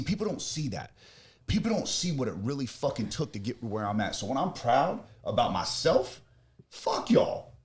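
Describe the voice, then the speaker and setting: Brash, cursing young guy from Florida, lowish voice, loud boasts that drop to quiet. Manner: brash, boastful, swears a lot, swings from loud to low. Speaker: podcast host, business owner. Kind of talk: casual chat.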